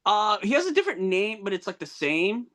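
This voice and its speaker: A man hosts a casual podcast in a notably high voice. He talks hesitantly, leaning on "like" and "uh" as he chats with his guest. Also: big pitch swings, a little fast, a bit bright. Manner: hesitant, filler-heavy with many "like"s. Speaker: podcast host. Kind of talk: casual chat.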